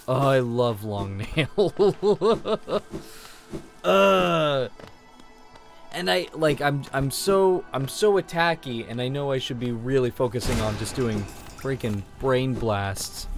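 A man giving casual gameplay commentary as a let's play host, giggly, gushing and excitable. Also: mid-range voice, creaky.

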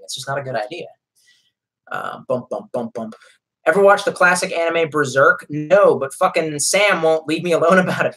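A man's voice: on the high side, sharp tone, husky. A man chatting casually on a live stream, reading viewer comments aloud and rambling with lots of profanity and self-deprecating jokes.

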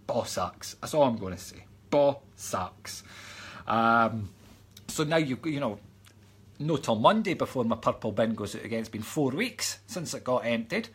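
A Scottish man with a husky, mid-pitched voice chats through a live stream and reads out viewers' messages. He drifts into joking rants and drops to a playful whisper now and then. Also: expressive, normal speed. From Scotland. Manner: chatty, ranting and joking, drops into mock whispers. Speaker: psychic medium reading live chat comments. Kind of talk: casual live-stream chat.

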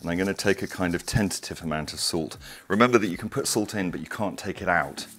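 Chatty deep-voiced man cooking. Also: fast, a bit bright. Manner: chatty, digressive, enthusiastic. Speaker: cooking show host. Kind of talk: casual cooking demonstration. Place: home kitchen.

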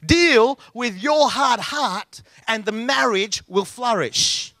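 A middle-aged man preaching with a high, forceful voice. He talks in an emphatic, conversational way and hammers home repeated phrases. The sound is dry and close. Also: expressive, slow, no echo. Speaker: pastor. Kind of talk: sermon.

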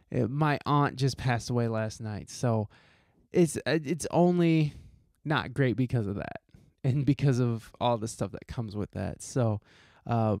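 A man's voice: medium pitch, darkish tone, dry recording, studio quality. A man hosting a podcast, giving a heartfelt, profane, rambling monologue full of restarts. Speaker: podcast host.

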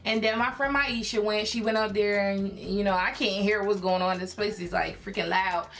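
A young woman from Philadelphia telling a personal story in a casual vlog, chatty and animated, full of fillers and acted-out quotes. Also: medium pitch, normal speed, a little hiss or hum. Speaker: YouTube creator.

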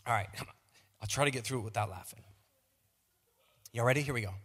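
Playful male pastor, self-mocking sermon, forceful bright tone, long church reverb. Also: mid-range voice, fast, husky. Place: large church auditorium.

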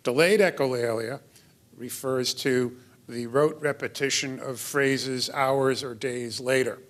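A man's voice: mid-range voice, steady tone, takes it slowly. A middle-aged man giving a lecture in a hall as a pediatrician, explanatory with wry asides. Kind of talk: lecture to an audience.

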